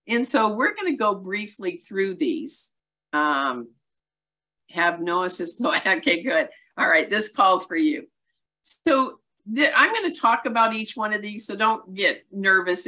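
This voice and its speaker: A middle-aged woman giving a webinar as a real estate coach, talking in a brisk, emphatic way with self-deprecating asides. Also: lowish voice, sharp tone. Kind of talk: webinar presentation.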